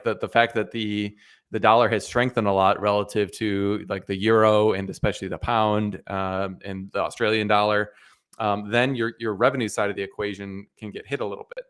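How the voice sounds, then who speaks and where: A man with a fairly low voice co-hosts a casual investing live stream. He works through his points in a halting way, starting over and filling gaps with small words as he thinks aloud. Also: a bit bright, smooth. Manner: hesitant, full of restarts and fillers. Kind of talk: casual finance chat.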